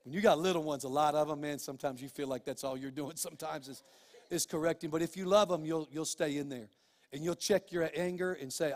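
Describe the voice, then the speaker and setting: A man's voice: a little high, fast talker, long reverb tail. A middle-aged male pastor preaching a sermon in a folksy, emphatic way, full of restarts and quoted asides.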